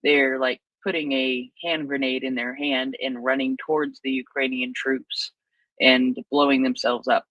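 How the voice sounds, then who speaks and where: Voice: mid-range voice, little pitch movement, a little slow, no echo, lo-fi sound. Chatty co-host, dry close sound. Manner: conversational, retelling what others said, many fillers. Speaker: co-host of live audio chat. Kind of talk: casual live audio chat.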